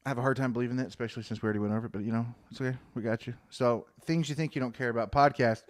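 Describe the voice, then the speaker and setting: A man co-hosting a casual podcast who talks fast. He is playful and jokey, tossing out shout-outs and laughing easily. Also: mid-range voice, steady tone. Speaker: podcast co-host.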